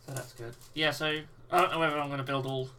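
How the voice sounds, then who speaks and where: A man's voice: a little high, fast talker, slight background noise. A British man casually hosting a live stream, chatting and reading out viewer messages while he builds miniatures, chewing on a sweet. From United Kingdom. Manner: relaxed, reads out chat messages while building. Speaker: livestream host.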